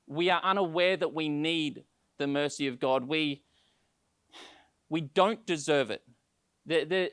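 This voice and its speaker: A man's voice: on the high side, no echo, clean studio sound. A male pastor preaching a sermon, telling stories with acted-out quotes, often repeating words as he starts sentences.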